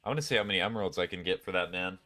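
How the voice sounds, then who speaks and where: A man's voice: low voice, very fast, pushed and bright. A man streamer chatting casually while playing a game, rambling and talking to his viewers. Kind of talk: casual gameplay chat.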